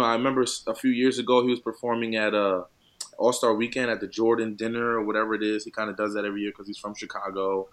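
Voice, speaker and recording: Man, 30s, lowish voice, emphatic and slangy, casual podcast chat. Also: fairly bright tone. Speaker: podcast co-host, professional football player.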